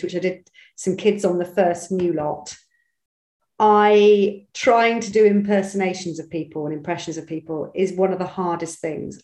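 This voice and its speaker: A voice actress from Bristol, England chats as a guest in a casual interview, full of restarts and self-deprecating asides. Her voice is mid-range with a dark tone, recorded in an echoey room.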